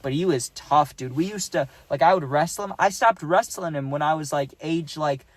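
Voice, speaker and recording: A young man casually telling a storytime, rambling and dropping "right?" and "dude" as he goes, acting out quotes in animated voices. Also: a little high, moderate pace, dry recording.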